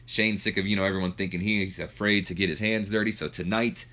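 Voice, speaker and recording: A man hosts a gaming video and recaps the action in a loose, rambling way. His voice is low and bright, with a forceful edge. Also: steady tone, fast talker. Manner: rambling, full of fillers. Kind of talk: casual game commentary.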